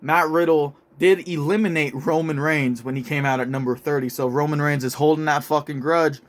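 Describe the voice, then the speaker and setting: A young man with a slightly high voice tells a wrestling story like a play-by-play caller. He talks casually and swears often. He sounds excitable and loose, never scripted. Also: a little fast. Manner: profane, excitable play-by-play narration. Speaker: show host narrating a toy wrestling storyline.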